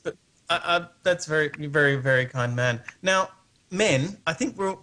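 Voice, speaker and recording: A man's voice: a little high, normal speed, bright, forceful tone. Curious Australian man calling in. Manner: rambling, hesitant, curious questions. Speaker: guest caller. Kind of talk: casual live-stream chat.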